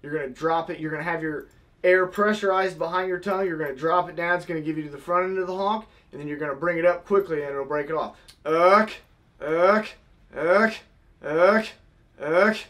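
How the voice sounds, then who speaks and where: A man's voice: a little high, fast talker, a bit bright. A young man casually teaching, step by step, how to blow a goose call. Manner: step-by-step, demonstrating with vocal honk sounds.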